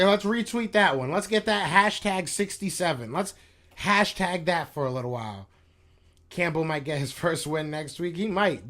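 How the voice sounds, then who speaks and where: A man's voice: a little high, a bit bright. A man hosting a sports podcast live stream, venting in a frustrated, slangy, repetitive casual rant. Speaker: podcast host reacting to chat.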